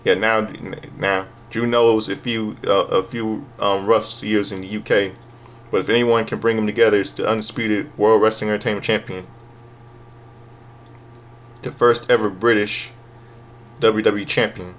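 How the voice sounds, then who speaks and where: A man with a lowish voice recaps a wrestling show in a loose, casual way. He is sarcastic and swears freely. He often stumbles over his words and restarts his sentences. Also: level tone, fairly bright tone. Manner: profane, sarcastic, halting with restarts.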